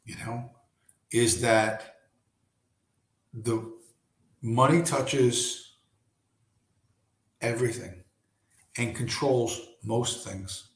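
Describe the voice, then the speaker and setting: A man hosting a casual late-night livestream from home, hoarse and losing his voice, talking in a rambling, profane way full of restarts. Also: medium pitch, fairly even intonation, drawn-out words, long pauses, echoey room. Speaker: livestream host.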